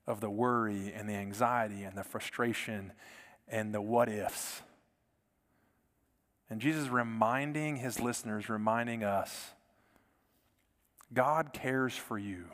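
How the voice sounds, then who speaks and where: A male pastor preaching a sermon with an earnest delivery, repeating words and dropping to a soft hush to stress a point. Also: medium pitch, in a large hall. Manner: earnest, repeats words, drops to soft quiet lines for emphasis.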